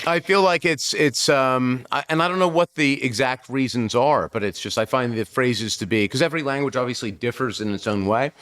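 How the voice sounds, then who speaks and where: A man's voice: medium pitch, a little fast, few pauses, a bit bright. A man co-hosting a podcast, musing in a rambling, thoughtful way in casual chat. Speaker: podcast co-host.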